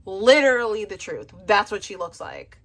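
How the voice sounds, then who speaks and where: A woman's voice: mid-range voice, lively intonation, normal speed, heavy background noise. A woman giving casual, blunt reaction commentary with a sarcastic edge. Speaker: reaction streamer.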